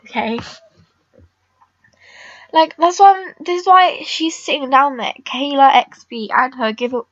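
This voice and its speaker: Teen girl, high bright voice, dry dull lo-fi mic, rambling blunt gamer commentary. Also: unhurried, no echo. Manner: rambling, blunt, frequent "like" fillers. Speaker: gamer vlogger. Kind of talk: casual game commentary.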